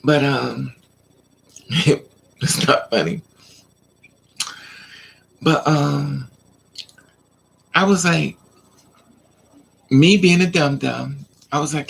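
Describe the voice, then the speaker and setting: A woman's voice: deep voice, takes it slowly, gravelly, pauses often, a little hiss or hum. A woman vlogger telling a personal story in a casual rant, animatedly acting out both sides of an argument.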